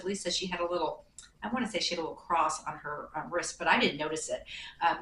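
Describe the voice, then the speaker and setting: A woman's voice: lowish voice, a bit bright. Chatty woman in an echoey room. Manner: rambling, with fillers and restarts. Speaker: host of a knitting and devotion show. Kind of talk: casual chat, personal story. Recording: echoey room with faint hiss.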